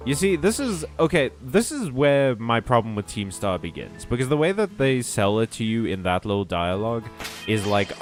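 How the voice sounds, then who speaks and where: A man's voice: mid-range voice, big pitch swings, moderate pace, faint music behind. A man chatting casually over gameplay, rambling, correcting himself and answering his viewers as he goes. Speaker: streamer.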